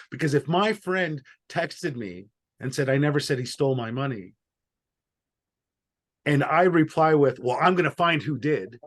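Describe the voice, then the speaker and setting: A man facilitating an online workshop, explaining with emphasis on single words, heard over a video call. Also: medium pitch. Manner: explanatory, stresses single words in a repeated sentence.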